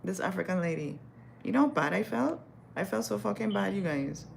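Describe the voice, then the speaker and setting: A woman's voice: medium pitch, expressive, a little fast, gravelly, very noisy. A young woman, telling stories candidly and profanely on a casual livestream. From West Indies. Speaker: livestream host.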